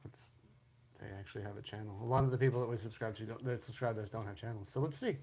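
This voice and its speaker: A man's voice: lowish voice, steady tone, very fast, a little mellow. A man co-hosting a casual podcast, talking in a dry, matter-of-fact way. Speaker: podcast co-host.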